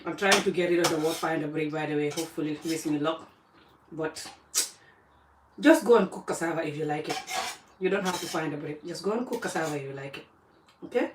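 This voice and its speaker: A woman's voice: low voice, a little fast, pauses often, background noise. Chatty African woman on a distant phone. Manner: chatty, animated, drifts between topics. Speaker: vlogger. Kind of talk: casual live-stream chat while eating. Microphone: phone camera pointed away from her. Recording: roomy phone audio from a distance.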